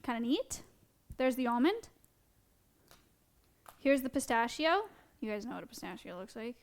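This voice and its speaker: A woman's voice: a little high, big pitch swings, normal speed. A woman hosting a live stream, chatting casually and directly with her viewers while she works with an animal. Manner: chatty, addresses her chat directly, light laughs. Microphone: wearing headphones at a streaming setup.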